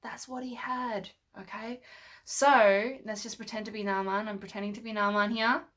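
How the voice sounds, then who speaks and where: A woman's voice: medium pitch, steady tone, normal speed, fairly bright tone. A woman telling a Bible story to children with toy figures, patiently asking them questions as she goes. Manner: patient, asks the listener questions.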